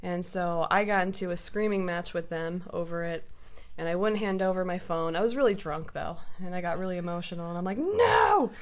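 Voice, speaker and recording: A woman in casual podcast chat, telling a story in an animated, profane way and acting out what others said. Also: lowish voice, brisk. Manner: animated, profane storytelling with lively quoted voices.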